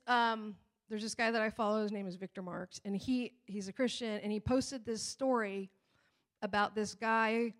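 Woman pastor preaching, bit high voice, really animated, does all the voices in her story. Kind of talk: sermon.

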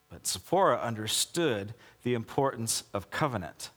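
A male pastor preaching a conversational sermon with sarcastic asides, acting out quoted lines in a lower, softer voice. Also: expressive, moderate pace, hardly any pauses, in a large hall.

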